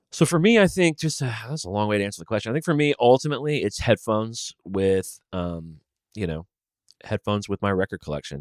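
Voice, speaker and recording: A man's voice: low voice, dry recording, clean studio sound. A man hosting a solo podcast, chatting casually and rambling as he thinks aloud. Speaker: podcast host.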